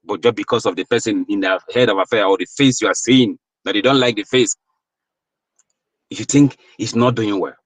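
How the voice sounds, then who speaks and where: Emphatic low-voiced Nigerian man. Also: moderate pace, no echo, low-quality recording. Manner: preachy, rhetorical, rising to emphatic peaks. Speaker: political commentator. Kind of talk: impassioned monologue.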